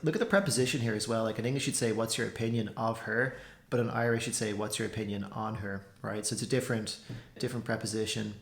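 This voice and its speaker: A man's voice: fairly low pitch, fairly even intonation, fast talker, gravelly. Chatty man explaining, echoey room. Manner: chatty, loose, full of "like" and "so" fillers. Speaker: language teacher. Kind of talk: casual explanatory lesson.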